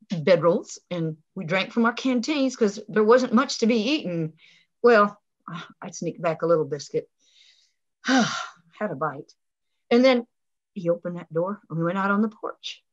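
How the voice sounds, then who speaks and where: A woman's voice: mid-range voice, a bit bright, muffled recording. A woman telling a folksy first-person tale with dramatic flair, over a video call. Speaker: storyteller. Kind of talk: live folksy storytelling.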